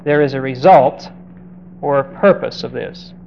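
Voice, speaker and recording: A man's voice: mid-range voice, moderate pace, vocal fry. A man preaching an expository sermon on a Bible passage, emphatic, drawing out key words and putting direct questions to his listeners. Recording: dull lo-fi recording with faint hiss.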